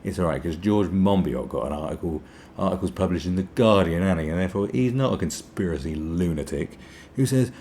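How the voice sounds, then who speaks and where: A low-voiced British man rants through a podcast monologue, sarcastic and profane. His pitch leaps wildly whenever he mocks the people he talks about. A faint noise sits under the recording. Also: animated, brisk, warm tone. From Britain. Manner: ranting, sarcastic, swears, mimics people in high mocking voices. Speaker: podcast host.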